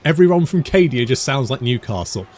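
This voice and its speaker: A man's voice: mid-range voice, expressive, fairly quick, a little mellow. A man giving rambling, chatty let's play commentary, thinking aloud and muttering to himself as he plays. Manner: rambling, chatty, wanders off on tangents. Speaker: gaming YouTuber.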